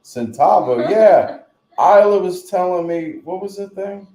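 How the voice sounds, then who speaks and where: Mellow-voiced New man, rambling. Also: high-pitched, fairly even intonation, a little slow. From New Jersey. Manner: rambling, joking storyteller. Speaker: live stream host. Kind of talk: casual live stream chat. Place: home room, in bed. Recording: roomy echo.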